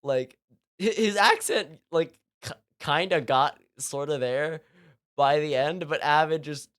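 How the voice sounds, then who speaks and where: A young Californian man with a slightly bright voice on the high side talks a little slowly as he streams a game. The chat is casual and rambling, with many fillers and frequent laughs.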